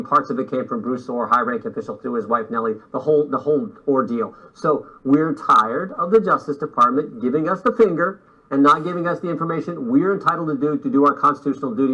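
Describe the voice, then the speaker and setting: A man's voice: medium pitch, fairly bright tone. A man, a congressman, giving an insistent interview statement and repeating his key phrases for weight. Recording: dull lo-fi clip.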